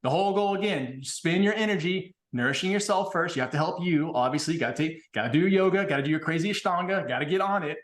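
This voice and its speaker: A man in casual podcast conversation, blunt and animated, swearing freely as he tells stories. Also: high voice, fast, hardly any pauses. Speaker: podcast guest.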